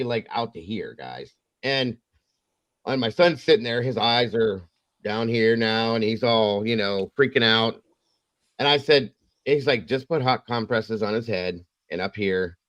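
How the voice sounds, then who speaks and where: On a dry recording, a man with a fairly low voice hosts a casual true crime livestream. He's a rambling, animated storyteller who performs the voices of the people he describes.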